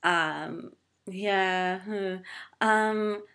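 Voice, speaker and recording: A woman's voice: mid-range voice, extremely slow, fairly bright tone, clear, resonant tone. A young woman vlogging casually to camera, chatty and full of filler words, poking fun at herself. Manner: chatty, filler-heavy, self-deprecating. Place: Toronto.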